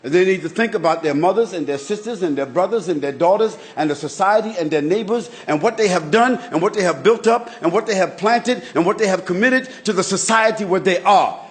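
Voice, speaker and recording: A man giving an Islamic lecture, in an emphatic, preacherly manner full of rhetorical repetition. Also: sits high. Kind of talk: religious lecture.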